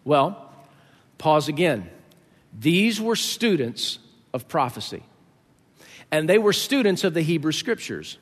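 High-voiced preacher in an echoey hall. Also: male voice, very animated, slow, long pauses. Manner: conversational, joking asides to the congregation. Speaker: pastor. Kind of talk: sermon.

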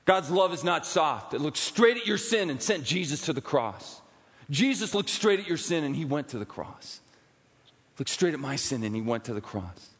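A man preaching a sermon in a church, swinging from loud emphatic peaks to hushed, quiet asides. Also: fairly high pitch, sing-song, moderate pace, husky, big-room sound. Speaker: pastor. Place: church sanctuary.

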